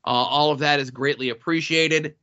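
A man co-hosting a casual podcast, reading listener notes and product listings in a dry, deadpan way. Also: fairly high pitch, moderate pace. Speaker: podcast co-host. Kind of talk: casual podcast chat with sponsor reads. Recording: dull lo-fi audio.

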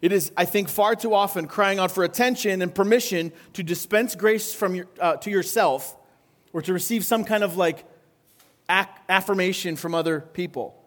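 Pastor, male, fairly high-pitched voice, casual sermon delivery with frequent questions to the audience. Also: normal speed, fairly bright tone. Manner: conversational, asks the congregation frequent questions.

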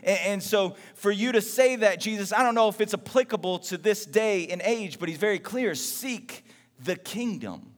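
A man from Texas preaching a sermon in a conversational, animated way, acting out everyday voices. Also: sits high, brisk, few pauses, long reverb tail. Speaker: pastor.

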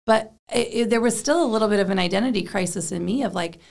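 A woman's voice: mid-range voice, quick pace, gravelly. A woman and mother talking about parenting in a casual, chatty way, with lots of "like". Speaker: co-host, parent. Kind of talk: casual faith talk.

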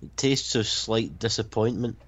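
A man's voice: lowish voice, unhurried, lo-fi sound. A man co-hosting a casual movie commentary, dropping dry, sardonic quips. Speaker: podcast commentary co-host.

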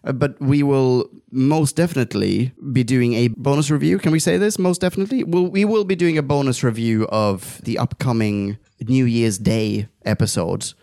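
A man's voice: mid-range voice, moderate pace, vocal fry, hardly any pauses, mellow, no room sound, studio quality. A man co-hosting a casual podcast, reading out listener reviews in a playful, chatty way. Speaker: podcast co-host.

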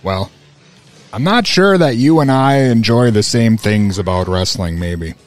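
A man's voice: fairly low pitch, animated, unhurried, faint music behind. A man co-hosting a casual podcast, making dry, wry remarks. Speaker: podcast co-host.

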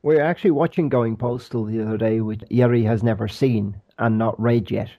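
A man's voice: fairly low pitch, steady tone, brisk, warm tone, lo-fi sound. A man co-hosting a podcast, chatting casually with dry, joking banter. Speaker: podcast co-host. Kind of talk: casual chat. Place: rented flat abroad.

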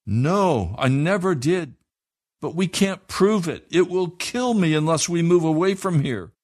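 A man's voice: fairly high pitch, lively intonation, unhurried, a little mellow, voice pushed up. A man voicing a wronged young girl who pleads that she is innocent. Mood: despairing. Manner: pleading, distressed.

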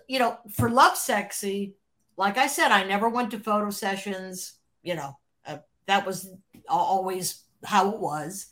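Animated woman telling a story. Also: on the high side. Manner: animated, acts out quoted voices, laughs often. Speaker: interview guest, former record label creative executive. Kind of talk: casual storytelling interview.

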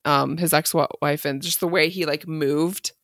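A woman co-hosting a podcast in casual chat, halting and stumbling over words with many ums. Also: low-pitched, steady tone, a bit bright, no echo, studio quality. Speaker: podcast co-host.

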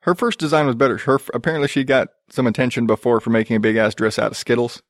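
A podcast host with a medium-pitched, fairly even voice rants fast in casual commentary, profane, exasperated, and sarcastic. The recording is studio quality with no room sound.

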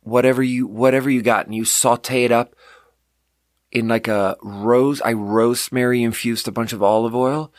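A man's voice: mid-range voice, steady tone, moderate pace, dry recording, clean studio sound. A man hosting a podcast, rambling in casual chat with frequent laughs and casual swearing. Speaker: podcast host.

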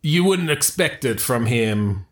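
A man's voice: mid-range voice, animated, slow. A man improvising a smug, scheming character who claims to steer people toward failing upwards. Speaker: improv comedian playing a scheming spirit. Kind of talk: improvised comedy chat.

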